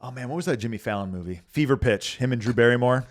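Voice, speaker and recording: A man's voice: mid-range voice, fast talker. A man, a pastor, talking casually and earnestly on a podcast, telling stories with many filler words.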